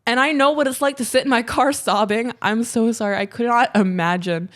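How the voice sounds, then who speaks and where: A woman co-hosting a relationship podcast, talking casually and earnestly, sometimes halting over words and laughing easily. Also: on the high side. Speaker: podcast co-host. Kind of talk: casual podcast chat, reading listener letter.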